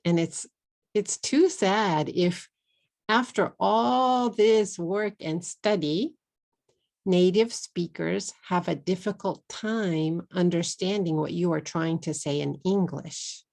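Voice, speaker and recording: A middle-aged woman from Texas with a Texan accent, teaching an English pronunciation lesson slowly and deliberately, repeating words for learners. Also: fairly low pitch, creaky, a little mellow.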